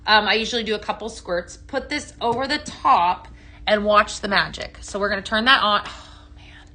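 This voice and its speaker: A woman's voice: medium pitch, fairly quick, pushed and bright. A woman hosting a live home-fragrance sales stream, chatty and full of ums and okays, greeting viewers by name while demonstrating products.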